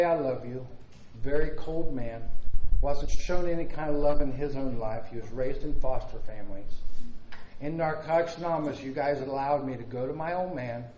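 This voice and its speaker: A man's voice: on the high side, a little mellow. A man sharing his recovery story at a meeting, talking candidly and joking in street slang. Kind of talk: personal recovery share. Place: meeting room with a laughing audience. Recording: echoey room with crowd and noise.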